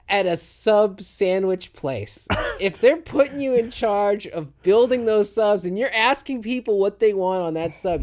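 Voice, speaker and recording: A young man co-hosting a comedy podcast, telling a story in a casual, animated way and acting out both sides of the conversation. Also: high voice. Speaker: podcast co-host.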